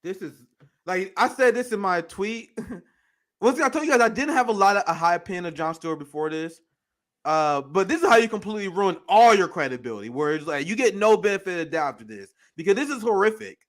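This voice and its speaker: A man hosting a political commentary show, heated and profane, reacting with outrage and bursts of shouting. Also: high-pitched, expressive, fast talker. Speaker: show host.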